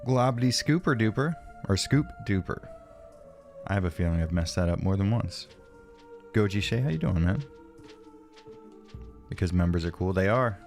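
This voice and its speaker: Low-voiced man chatting on a stream. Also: expressive, normal speed, vocal fry, pauses often, a little mellow, faint music behind. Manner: rambling, self-deprecating, reads chat aloud. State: sniffly from allergies. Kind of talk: casual live-stream chat.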